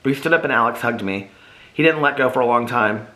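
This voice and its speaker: A man's voice: medium pitch, a little fast, bright, forceful tone, reverberant, low-quality recording. A man reading his own novel aloud in first person, earnest and emotional.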